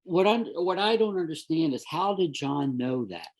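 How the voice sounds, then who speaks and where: A man talks as a guest on a podcast, telling his story in an earnest, animated way and circling back over his own words. His voice has a gravelly fry, with a husky, slightly rough grain. The delivery stays conversational and unscripted. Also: fairly high pitch, moderate pace. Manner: earnest, animated storyteller who often repeats himself. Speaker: guest, forensic detective.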